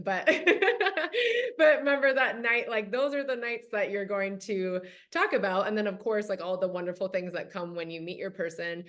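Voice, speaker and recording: A woman's voice: medium pitch, normal speed, fairly bright tone. A woman hosting a podcast, chatting casually in an enthusiastic, encouraging way and laughing often. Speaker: podcast host. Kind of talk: casual chat.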